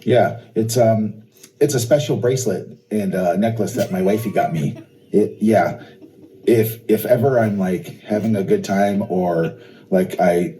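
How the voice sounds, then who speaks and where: Man doing a henpecked husband, stammering, rambling, dark mellow voice, slow, comedy sketch. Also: low voice. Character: hapless henpecked husband, adult man, nervous. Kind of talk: parody sketch acting.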